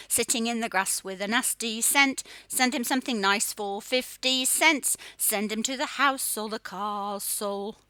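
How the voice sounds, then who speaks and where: A woman teaching a children's phonics lesson, sounding out letters in a slow, sing-song way. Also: a little high, bright, forceful tone, no room sound. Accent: Australian.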